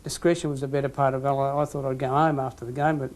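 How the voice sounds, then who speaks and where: A man's voice: medium pitch, little pitch movement, fast talker. A man with an Australian accent, a former football umpire, telling anecdotes in an interview and laughing at his own stories.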